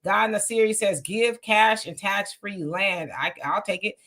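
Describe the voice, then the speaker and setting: Woman, livestream host, casual chat, reads comments and agrees, bright sharp voice, mid pitch. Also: normal speed. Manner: greets viewers by name, reads comments aloud and agrees.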